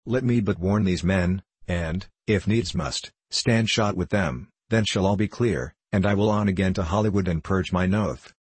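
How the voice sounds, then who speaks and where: A man's voice: low voice, moderate pace, few pauses, slightly rough, no room sound. A man reading the lines of an earnest, loyal young squire in a storybook. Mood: urgent. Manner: urgent and pleading.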